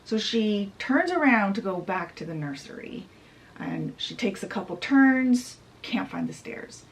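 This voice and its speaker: Woman book reviewer, casual story summary, animated pitch, chatty asides. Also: unhurried, low-quality recording.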